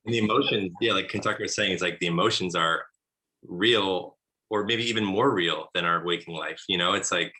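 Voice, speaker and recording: A male film director in a casual Q&A, relaxed and full of "like" and "you know". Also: sits low, a little fast, rough recording. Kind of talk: casual post-screening Q&A.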